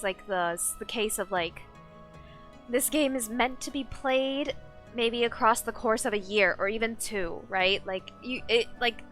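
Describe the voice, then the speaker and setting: Bright-voiced woman streamer rambling casually. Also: fairly high pitch. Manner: rambling, many fillers and self-corrections. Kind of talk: casual live-stream chat while gaming.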